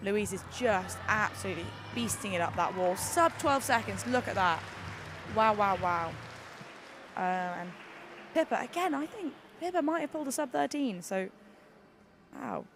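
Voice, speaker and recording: A woman doing live sports commentary, excitable and gushing, with lots of fillers and restarts. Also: medium pitch, moderate pace. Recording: busy venue noise behind.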